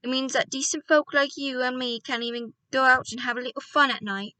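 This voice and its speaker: A woman voicing an excitable elderly country doctor who bursts into loud, indignant outbursts. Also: a little high, moderate pace, no echo. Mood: outraged.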